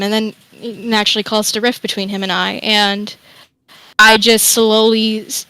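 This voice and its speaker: A woman's voice: a little high, level tone, normal speed, pushed and bright, clean tone, no room sound, low-quality recording. A young woman guest telling a candid, rambling personal story, sometimes swearing. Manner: rambling, emotional, swears freely. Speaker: interview guest.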